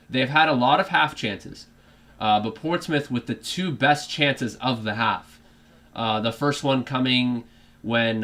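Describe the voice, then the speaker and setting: A man's voice: medium pitch, sharp tone. A man hosting a fan channel, giving a casual live reaction to a football match, thinking aloud and correcting himself as he goes.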